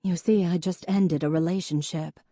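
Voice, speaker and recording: Genteel formal woman, poised professor, mellow, read by a woman. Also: on the low side, fairly even intonation, moderate pace, dry recording, lightly acted. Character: refined, poised elder sister, a professor.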